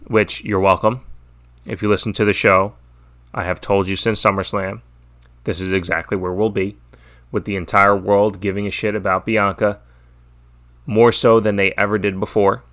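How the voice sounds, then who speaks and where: A man hosting a solo wrestling podcast, loose and opinionated, dropping curse words and circling back on his own sentences. His voice sits a little low, and he keeps the tone of easy, unscripted chat. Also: a bit bright. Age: adult, father. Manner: opinionated, profane, rambling with restarts. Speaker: podcast host. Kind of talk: casual solo wrestling preview.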